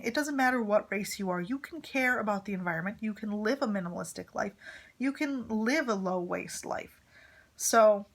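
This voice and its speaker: A woman's voice: medium pitch, a bit bright. Chatty woman vlogger, rambling storytime. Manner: chatty and rambling, with filler words and asides. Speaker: vlogger, mother of a teenage son. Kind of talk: casual storytime chat to camera.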